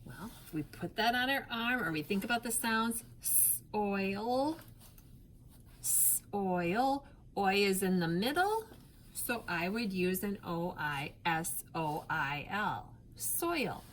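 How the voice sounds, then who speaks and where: In an unhurried, animated, somewhat bright mid-range voice, a woman leads young children through a phonics lesson. She stays patient and clear, elongating sounds and spelling letters individually, with a little hiss or hum in the recording.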